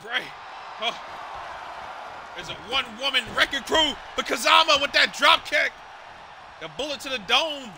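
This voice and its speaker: High, sharp-voiced shouting male commentator. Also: moderate pace, pauses often, slight background noise. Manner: shouting, exclaiming, swearing. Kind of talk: excited play-by-play commentary.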